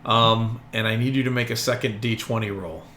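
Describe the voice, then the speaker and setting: A relaxed man running a tabletop game. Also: medium pitch, a little fast. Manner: loose, chatty narration with frequent ums and self-corrections. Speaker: game master.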